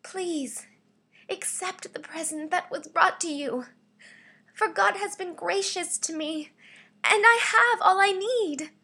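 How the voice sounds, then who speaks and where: A woman's voice: takes it slowly, sharp tone, full character voice. A woman voicing a meek woman pleading in a raised, imploring voice. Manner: high, imploring.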